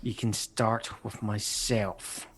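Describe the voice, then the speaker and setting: A man speaking in character in a tabletop game, slow, measured and quiet. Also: lowish voice, little pitch movement, noisy background.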